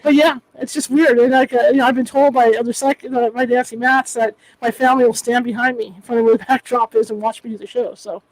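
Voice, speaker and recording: Chatty woman host, fast and high-pitched, restarts a lot in casual interview talk. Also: steady tone, dry recording, rough recording. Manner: chatty, frequent word repeats and restarts. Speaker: podcast host.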